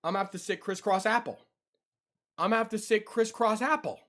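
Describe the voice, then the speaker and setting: A man's voice: high voice, fairly quick, fairly bright tone. A young man streaming from his computer at home, giving jumpy reaction commentary, easily startled and given to yelps and shrieks.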